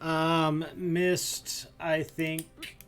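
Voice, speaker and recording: A slow, unhurried man with a voice sitting a little high for a guy runs the table and adds the details the players forgot. He laughs easily, and his talk is relaxed and loose. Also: clean tone. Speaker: game master. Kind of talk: casual chat.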